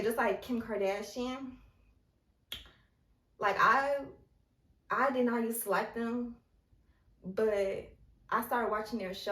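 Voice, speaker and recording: A young woman chats casually through her advice, leaning on "like" as she goes. Her voice sits a little back from the microphone. The room around her rings noticeably. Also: mid-range voice. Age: young adult. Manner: chatty and conversational, heavy use of filler "like". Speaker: vlogger giving self-improvement tips. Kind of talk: casual advice talk to camera. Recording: roomy and distant from the mic.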